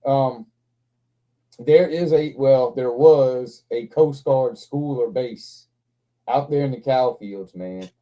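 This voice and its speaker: A man in his forties hosts a casual livestream chat with a very deep, dark tone. He rambles through loose stories full of swearing, restarts and frequent laughter. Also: slow pace, rough recording. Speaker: livestream host.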